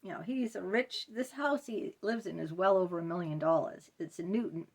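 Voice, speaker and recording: A woman's voice: fairly low pitch, a little fast, slightly rough. Indignant middle-aged woman telling a story. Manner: indignant, conversational, many fillers. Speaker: vlogger. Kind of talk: personal storytime vlog.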